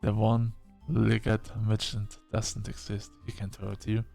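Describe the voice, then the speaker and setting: A man's voice: fairly low pitch, completely flat delivery, slow, gravelly, a little mellow, soft background music. A man voicing a stern, blunt young woman who speaks in a dry, matter-of-fact, scolding way.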